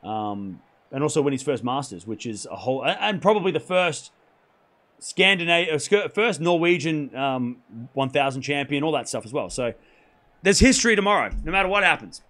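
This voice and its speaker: A hoarse man hosting a live tennis stream, talking excitably and rambling while chatting with viewers. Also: a little high, moderate pace. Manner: excitable, rambling, self-correcting. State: hoarse from hours of shouting.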